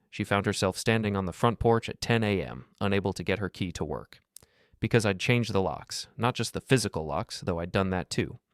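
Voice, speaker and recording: Deep male narrator, dry booth sound, measured and calm first-person storytelling. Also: dry recording.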